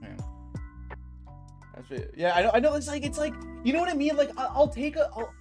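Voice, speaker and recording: A man's voice: extremely high pitch, sing-song, brisk, a little mellow, faint music behind. A young adult man streaming, telling a work story in casual chat, swearing and saying bro a lot.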